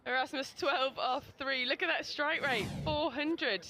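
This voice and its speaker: Brief: female cricket commentator, very bright crisp tone, upbeat delivery. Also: sits high, measured pace. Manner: bright, upbeat, lightly laughing. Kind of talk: live sports commentary.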